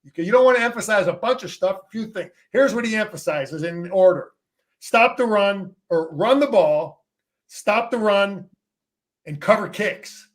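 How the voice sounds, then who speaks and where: This is a middle-aged man with a fairly high voice who has coached and played the game. He talks sports casually and with force, tripping over his own restarts and throwing in a mild curse to make a point. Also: animated, a little slow. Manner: emphatic, repeats words and restarts, salty. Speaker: former player and coach, guest.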